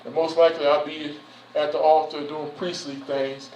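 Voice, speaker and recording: A man's voice: fairly high pitch, little pitch movement, moderate pace, a little mellow, a little hiss or hum. A man speaking as a church elder in an informal, folksy address, repeating himself and saying "you know" and "man" often. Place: church hall. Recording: roomy, distant, dull sound.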